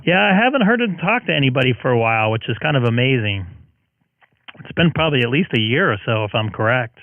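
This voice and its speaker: A man hosting a ham radio live stream in casual chat, talking in a relaxed, halting way with many fillers while losing his voice. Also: mid-range voice, no echo, narrow, tinny audio. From Southern California.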